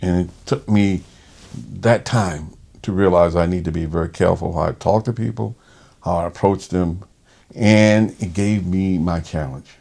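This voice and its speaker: Gravelly low-voiced man telling a story. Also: normal speed. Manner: animated, acts out quoted voices. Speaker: respiratory therapist. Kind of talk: personal storytelling in conversation.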